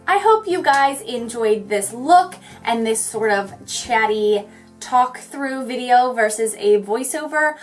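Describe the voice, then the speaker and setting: A young woman chatting her way through a makeup tutorial, talking fast in a bubbly, goofy way. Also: a little high, expressive, soft background music. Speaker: beauty vlogger.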